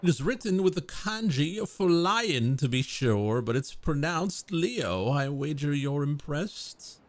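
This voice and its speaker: A man's voice: a little high, lively intonation, a little hiss or hum. A man putting on a pompous self-styled nobleman. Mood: haughty. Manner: grandiloquent, drawn-out theatrical delivery. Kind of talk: reading game dialogue aloud with voices.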